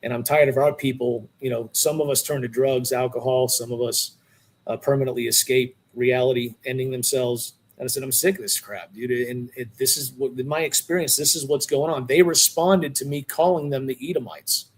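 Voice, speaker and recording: A middle-aged man appears as a podcast guest, telling a long story loosely and with animation at an ordinary pitch and a slightly fast pace. It's casual and conversational rather than polished, with the odd "dude" thrown in.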